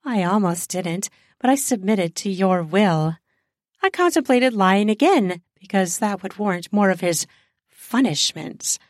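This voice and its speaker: Woman, host, slow story narration, deliberate reading, close mic, dry sound. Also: medium pitch, animated, dry recording.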